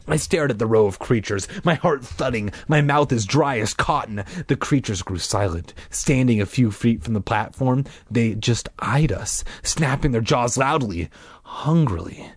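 A man reading a children's horror book aloud, dramatic, with shrieking high voices for the characters and offhand asides. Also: dry recording. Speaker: reader.

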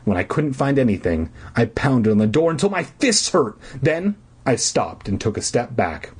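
A man with a husky, mid-range, sing-song voice reads a horror book aloud at a moderate pace for comedy, interrupting himself with snarky, profane asides and mock drama.

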